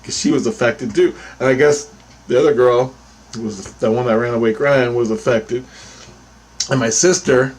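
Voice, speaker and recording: This storyteller vlogger speaks at a normal speed in a mid-range voice with fairly even intonation. His casual, rambling tale is full of restarts, free swearing, and frequent bursts of laughter.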